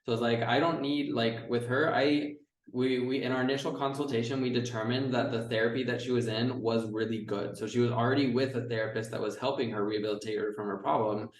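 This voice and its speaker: A man, a chiropractor guest on a casual podcast, explaining in a relaxed way with frequent "like". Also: mid-range voice, quick pace. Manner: relaxed, explanatory, uses "like" often. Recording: roomy, distant mic.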